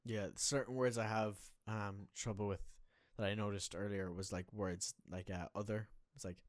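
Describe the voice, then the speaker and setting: A man's voice: fairly low pitch, steady tone, normal speed, no room sound, clean studio sound. A young Irish man chatting casually, rambling and correcting himself as he tells a story. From Ireland. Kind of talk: casual chat.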